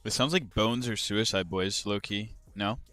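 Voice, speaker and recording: A young man live-streaming crypto trades, chatting casually to his viewers and ranting about his moves with swearing and sudden loud outbursts. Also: lowish voice, moderate pace, soft background music. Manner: frustrated, swearing, rambling, bursts of loud outrage.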